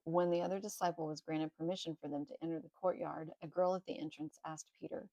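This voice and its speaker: A woman reading a Bible story aloud in a plain, steady way with small slips. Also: low-pitched, fast, hardly any pauses, no echo, poor audio. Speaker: narrator.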